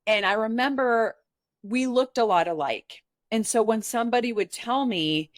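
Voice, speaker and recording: A woman from Nebraska, USA, appears as a podcast guest and recounts a personal story in an earnest, candid manner, frequently filling pauses with "like." Her fairly high voice is animated and at normal speed, captured dry at studio quality.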